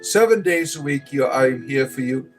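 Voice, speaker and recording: A man's voice: medium pitch, animated, moderate pace, soft background music. A middle-aged man hosting a casual livestream, rambling and chatting with viewers as he answers their comments. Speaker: livestream host.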